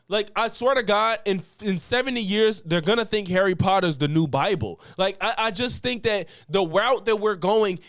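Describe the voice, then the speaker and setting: High-voiced, profane ranting man. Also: no room sound, clean studio sound. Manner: profane, animated ranting with laughs. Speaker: streamer reacting to news clips. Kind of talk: casual commentary stream.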